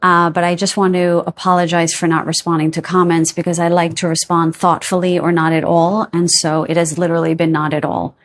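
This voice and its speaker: A woman's voice: fairly low pitch, flat delivery, a little fast, hardly any pauses. A middle-aged woman giving a pick-a-card tarot reading to her viewers, chatty and rambling, often losing her train of thought, openly affectionate to her audience.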